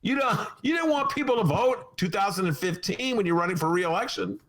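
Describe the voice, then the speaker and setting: A man hosting a political podcast, talking in a mocking, animated way and laughing often. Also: sits high, a little fast. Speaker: podcast host. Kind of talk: political talk show chat.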